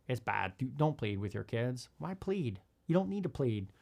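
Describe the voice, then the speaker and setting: A man's voice: normal speed, creaky. A man hosting a podcast, talking bluntly in casual commentary while reading from a parenting book. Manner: animated, blunt, swears, acts out kids in high voices. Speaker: podcast host.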